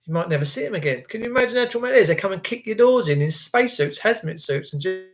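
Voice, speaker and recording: A high-pitched man hosts a live stream and rants angrily. He swears freely and mixes sarcasm into his complaints. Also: expressive, very fast, soft background music. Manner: angry, sweary, sarcastic ranting. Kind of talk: ranting live-stream chat.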